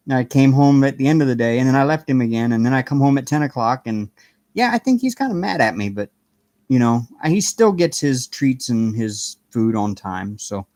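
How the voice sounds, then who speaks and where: A man's voice: medium pitch, a little mellow, no echo. Casual live-stream host, male, rambly and talkative, greets chat by name, recorded at home. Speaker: livestream host chatting with viewers. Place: home apartment.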